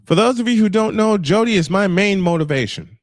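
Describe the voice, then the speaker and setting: A man in his fifties, hosting a livestream by voice alone, unloads his anger and frustration in a personal monologue peppered with swearing and emphatic repetition. His voice is high, expressive and brisk. It's a dry, studio-quality recording.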